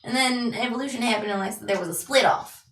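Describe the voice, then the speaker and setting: A woman's voice: fairly high pitch, fairly quick, far from the mic, background noise. A woman playing a tabletop game in casual chat, uncertain and chatty, her sentences trailing off. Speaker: player. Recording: roomy sound from away from the mic.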